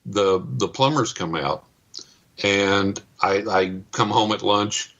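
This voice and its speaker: A middle-aged man telling a story as a guest on a radio interview, animated and acting out the other people's lines. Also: on the low side, takes it slowly, muffled recording. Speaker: psychic and paranormal investigator, guest.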